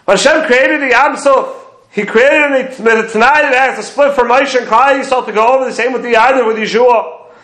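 A man's voice: very high voice, fairly quick, a bit bright, roomy sound, poor audio. A man giving a lecture on prayer commentary, explaining sources step by step and quoting Hebrew phrases. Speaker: Torah teacher.

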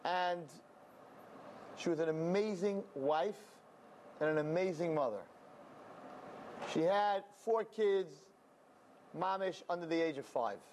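Male storyteller, animated, higher-pitched voice, Yiddish-peppered delivery. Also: slight background noise. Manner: animated, sprinkled with Yiddish words. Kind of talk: told story.

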